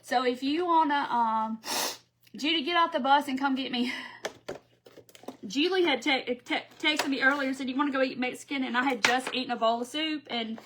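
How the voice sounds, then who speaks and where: A woman's voice: high voice, moderate pace, background noise. Chatty woman crafting live. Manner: rambling, chatty, reads out viewer comments, often laughs. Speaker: craft live-stream host. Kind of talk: casual live-stream chat while crafting.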